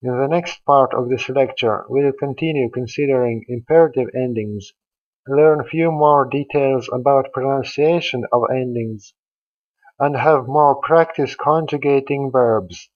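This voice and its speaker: A man reads a scripted grammar lecture in a level, middle-pitched voice. He speaks very slowly and carefully, laying out each rule step by step. The voice-over sounds dull and lo-fi. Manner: slow, deliberate and methodical. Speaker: language teacher.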